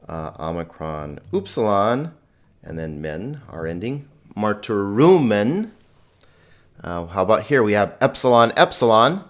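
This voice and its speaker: A man's voice: on the low side, a bit bright. Chatty man teaching Greek grammar. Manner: patient, chatty, laughs at his own typing slips; spells out Greek words slowly. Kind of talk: recorded screen lecture.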